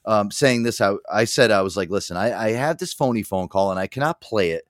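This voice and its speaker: A man's voice: fairly low pitch, brisk, no echo, clean studio sound. A man hosting a talk show, rambling with lots of "I mean, listen," and laughing often. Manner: rambling, many fillers and restarts, laughs a lot. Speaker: host. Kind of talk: casual chat.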